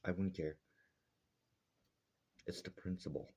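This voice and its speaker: A man's voice: low voice, fairly even intonation, slow pace, dark tone, husky. A man from Alberta ranting bluntly and heatedly to camera, swearing often. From Alberta, Canada. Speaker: vlogger. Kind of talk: angry rant to camera.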